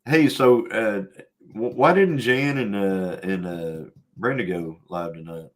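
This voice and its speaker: A laid-back man with a lowish voice chats on a livestream. He speaks very slowly, drawing out his words and laughing often as he banters. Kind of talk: casual livestream chat.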